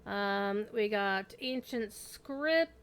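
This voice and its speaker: Chatty woman streamer, smooth voice. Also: mid-range voice, lively intonation, very slow, fairly bright tone. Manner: chatty, swears casually, talks to her pet. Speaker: game streamer. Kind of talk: casual live-stream chat.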